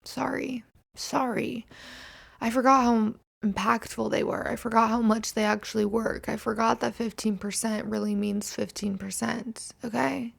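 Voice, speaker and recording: Hungover twenty-something woman rambling on her podcast, super gravelly fry, swears a lot, laughs at herself. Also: fairly high pitch, steady tone, moderate pace. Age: 20s. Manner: rambling, self-mocking, swears freely. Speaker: podcast host. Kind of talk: casual solo podcast chat.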